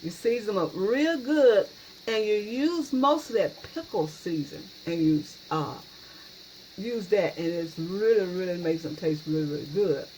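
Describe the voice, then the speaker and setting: A woman's voice: lowish voice, expressive, measured pace, mellow, slight background noise, poor audio. A woman hosting a casual home cooking video in her kitchen, folksy and chatty, often saying "y'all.". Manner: folksy, repeats "y'all" and "yes, indeed". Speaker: cooking channel host.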